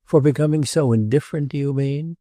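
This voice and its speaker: A man's voice: a little high, brisk, dark tone, dry recording, clean studio sound, voice pushed up, natural voice. A man voicing an agitated, jealous nobleman who pleads and repeats himself, in an audiobook.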